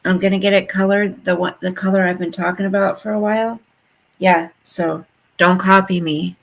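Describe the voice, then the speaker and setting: A woman's voice: lowish voice, gravelly, fairly bright tone, low-quality recording. A woman in her fifties chatting casually and bluntly to her viewers, telling gossipy stories. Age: 50s. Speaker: vlogger.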